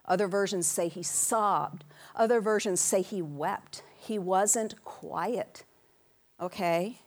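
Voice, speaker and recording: Woman preaching in church, lively and playful, suddenly gets loud calling out to the room, acts out little voices. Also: mid-range voice, slow. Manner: animated, calls out to the congregation in big loud bursts. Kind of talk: sermon.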